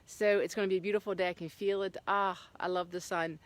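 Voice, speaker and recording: A woman's voice: on the low side, quick pace. Chatty middle-aged woman vlogging outdoors. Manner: chatty, animated storytelling with many fillers. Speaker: hiker vlogging from the trail. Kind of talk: casual vlog chat. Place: outdoors on a hiking trail in the morning.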